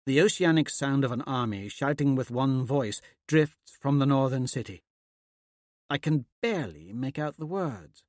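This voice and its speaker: A man narrates a fantasy audiobook in a steady, measured delivery. His voice sits in a middle pitch. The recording is dry and close, with no room sound. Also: no echo. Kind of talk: scripted narration.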